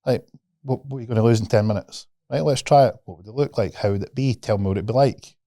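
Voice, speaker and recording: A podcast guest, a man, coaching in a loose, animated way and slipping into other people's voices as he tells stories. His voice sits at a middling pitch. The sound is dry and close, with no room heard. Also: quick pace, no echo. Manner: animated, swears freely, acts out quoted voices. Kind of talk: casual podcast conversation.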